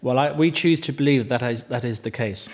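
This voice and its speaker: Speaking fairly quickly at medium pitch, this Irish man hosts a casual interview and owns the estate. His talk is rambling and chatty, with plenty of ums and restarts.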